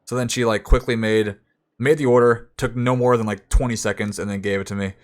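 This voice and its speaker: A man's voice: medium pitch, a little fast. Young man rambling through a story. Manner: animated, rambling, acts out quoted people in raised voices. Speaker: streamer. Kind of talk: casual storytelling.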